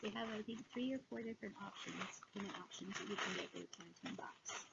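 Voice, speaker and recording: A woman chatting casually in a haul video, gushing with excitement and filling pauses with "um". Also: mid-range voice, vocal fry. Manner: excitable, gushing, many fillers. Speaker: cross-stitch vlogger. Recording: dull lo-fi sound with background noise.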